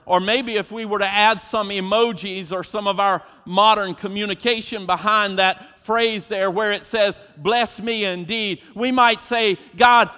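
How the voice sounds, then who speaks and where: A man's voice: high voice, bright, forceful tone, clean tone. A man preaching a sermon as pastor, emphatic and preacherly, putting questions to his congregation. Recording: long hall reverb.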